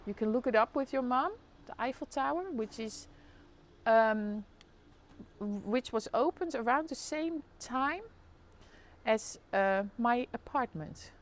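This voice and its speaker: On a live stream, a woman with a Dutch accent chats casually while narrating the street below her apartment window. Her voice is on the high side, with slight background noise.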